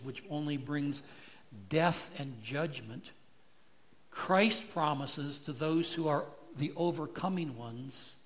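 A man's voice: a little high, fairly bright tone. A man preaching an expository sermon, earnest and building in intensity as he explains scripture. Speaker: pastor.

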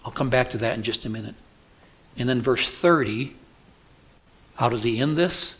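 A male preacher delivering an expository sermon, speaking deliberately and emphatically and putting rhetorical questions to the congregation. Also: mid-range voice, fairly bright tone.

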